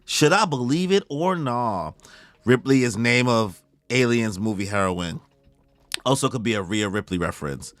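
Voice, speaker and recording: Excitable man with a lively voice. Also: medium pitch, no echo. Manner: slangy, excitable, goes off on tangents. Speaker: manga reaction host. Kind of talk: casual live reaction commentary.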